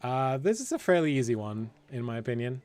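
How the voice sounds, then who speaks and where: Brief: male streamer, mid pitch, easygoing and teasing. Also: sing-song, brisk, darkish tone, no echo. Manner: easygoing, teasing, quizzes his co-host. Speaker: community manager. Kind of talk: casual game stream chat.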